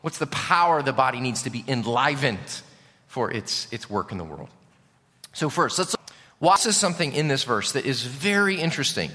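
Guy preaching a sermon, bright lively voice, big echoey church. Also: mid-range voice, moderate pace. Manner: animated, asks the congregation questions. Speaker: pastor. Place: church sanctuary.

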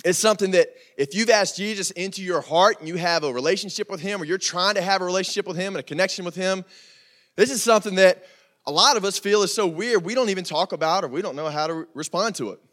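A young youth pastor with a high, fairly bright voice talks quickly, joking and addressing the crowd directly as he gives a casual sermon in a church room.

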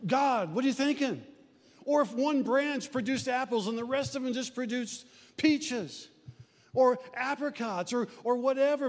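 A man from the US Midwest preaching a sermon in a folksy, conversational way. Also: extremely high pitch. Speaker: pastor. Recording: long hall reverb.

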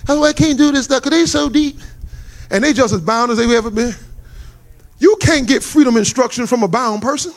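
A male preacher telling a personal testimony in a dramatic, storytelling way, building to shouts. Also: extremely high pitch, a little fast. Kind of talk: testimony sermon. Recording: music playing under the voice.

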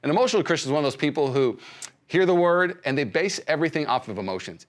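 A male pastor giving a sermon, speaking conversationally with many restarts and swinging between loud emphasis and soft hushed lines. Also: a little high, animated, fast. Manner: frequent fillers and restarts, conversational preaching.

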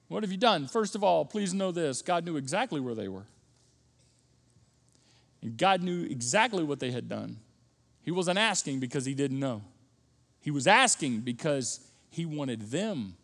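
A man with a high voice preaches in a large church auditorium, and his words ring out with a long hall reverb. He talks emphatically and restarts phrases often, and his volume swings up into sudden loud peaks. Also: very animated, unhurried, gravelly, long pauses. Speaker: pastor. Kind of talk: sermon.

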